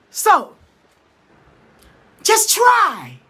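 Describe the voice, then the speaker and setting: Woman, motivational speaker; emphatic, repetitive, preacher-like, slow, bright high delivery. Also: very animated.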